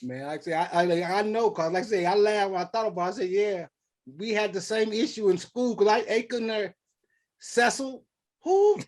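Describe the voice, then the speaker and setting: A man's voice: sits high, fast, hardly any pauses. A middle-aged man from St. Louis hosting a casual interview, telling stories with acted-out quotes and frequent laughter. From St. Louis, USA. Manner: animated storyteller, acts out quotes, laughs often. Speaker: podcast host.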